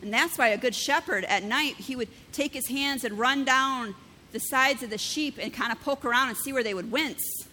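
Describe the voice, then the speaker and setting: Bright-voiced woman pastor preaching. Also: sits high, moderate pace, in a large hall, a little hiss or hum. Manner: conversational, keeps asking "right?"; vivid everyday illustrations. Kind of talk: sermon.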